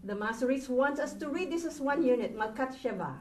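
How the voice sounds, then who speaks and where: A woman teaches a Hebrew grammar lesson, patiently asking her class questions. Her high voice is expressive and fairly quick. The recording sounds roomy and distant, with faint noise.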